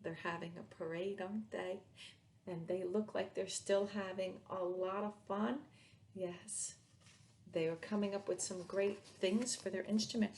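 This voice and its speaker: Slow, sing-song woman teacher. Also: medium pitch, steady tone, darkish tone. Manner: sing-song, playful with sound words. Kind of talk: reading aloud and teaching young children.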